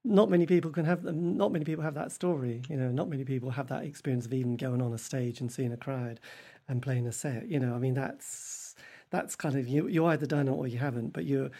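Husky, mellow-voiced man rambling. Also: mid-range voice, a little fast. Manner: rambling, many fillers and restarts. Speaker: podcast host interviewing a musician. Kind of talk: casual chat over a video call. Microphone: video call.

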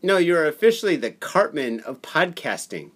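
Male podcast co-host, sarcastic sidekick, slightly high voice that jumps around. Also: sing-song, moderate pace, husky. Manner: sarcastic interjections. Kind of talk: casual chat.

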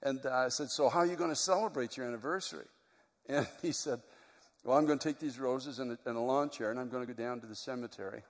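Male pastor, middle-aged, earnest sermon storyteller, medium pitch, long reverb of a large hall. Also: fast talker.

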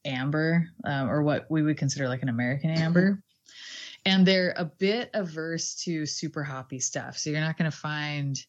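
A woman's voice: sits low, normal speed, few pauses, highs cut off. A woman co-hosting a casual podcast chat, chatty and laughing often, swearing now and then. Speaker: podcast co-host.

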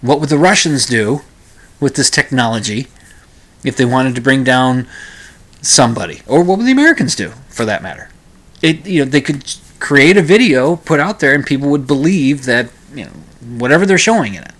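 A man's voice: medium pitch, lively intonation, normal speed, fairly bright tone. A man hosting his own talk radio show, chatting alone in a rambling way with many restarts. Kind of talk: casual solo podcast monologue.

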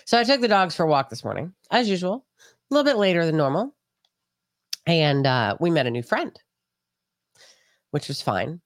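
A woman with a low voice tells a rambling, profane story as a podcast co-host. Her delivery is animated and casual. The sound is dry and close. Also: no echo.

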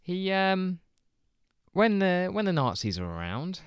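A man's voice: sits high, sing-song, measured pace, smooth, no echo. A man co-hosts a podcast, spinning a story in a loose, amused way and chuckling between phrases. His voice swings up and down a lot. The sound is dry and close. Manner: rambling, amused, laughs while telling. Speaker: podcast co-host. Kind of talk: casual storytelling chat.

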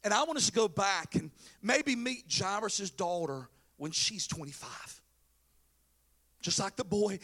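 A man preaching a sermon as pastor, telling a story with lively, casual acted-out voices. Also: sits high. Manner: animated storytelling, acting out biblical characters in casual slang.

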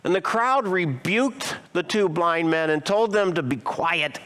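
A male pastor preaching a sermon expressively, asking his listeners rhetorical questions and slowing down to stress key phrases. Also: sits high, lively intonation, a bit bright.

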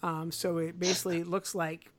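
A woman's voice: fairly low pitch, flat delivery, normal speed. A woman co-hosting a podcast in casual chat, rambling enthusiastically and leaning heavily on filler words. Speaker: podcast co-host.

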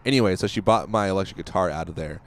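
A man's voice: low-pitched, quick pace. A man cohosting a podcast, rambling casually and laughing easily. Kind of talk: casual chat.

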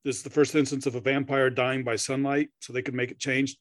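A man's voice: medium pitch, little pitch movement, fairly quick, no room sound. Laid-back guy joking around about movies, dry close sound. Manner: joking, easygoing. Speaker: podcast co-host. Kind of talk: casual film discussion.

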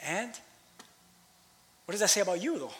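High-voiced impassioned male preacher. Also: very animated, moderate pace. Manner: impassioned, swings from loud preaching to hushed asides. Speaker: pastor. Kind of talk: sermon. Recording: long hall reverb.

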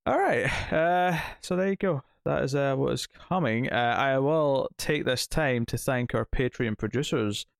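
A man co-hosting a podcast outro in an easygoing, halting way, stumbling over fillers and restarts. His voice sits at a middling pitch. The sound is dry and close, with no room around it. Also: vocal fry, no echo. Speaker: podcast co-host. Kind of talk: casual podcast chat and outro.

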